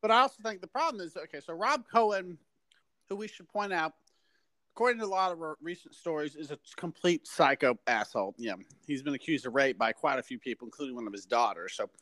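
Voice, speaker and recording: A man's voice: on the high side, lively intonation, quick pace, pushed and bright, dry recording. A man co-hosting a podcast, giving rambling, opinionated film criticism in casual chat. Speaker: podcast co-host.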